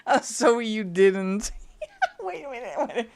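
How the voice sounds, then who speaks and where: A woman's voice: a little high, creaky. A woman whose first language is Dutch, speaking English with a Flemish accent, hosting a live stream and chatting casually while colouring, giggling often.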